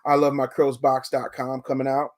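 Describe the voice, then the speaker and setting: A man hosting a podcast, chatting casually and telling stories in an animated, profane way. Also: mid-range voice, moderate pace. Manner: animated, profane storytelling with acted quotes. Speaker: podcast host.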